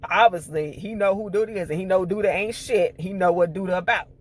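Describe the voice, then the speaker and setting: A man's voice: high voice, brisk. A man recapping a TV episode in a casual, profane storytelling style, acting out the scenes as he goes. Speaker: TV show reviewer.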